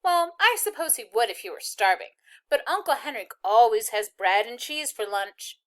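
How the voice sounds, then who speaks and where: Reading aloud in her natural voice at a moderate pace, a woman animatedly plays a brave young girl. She raises her voice higher and chatters, then turns insolent.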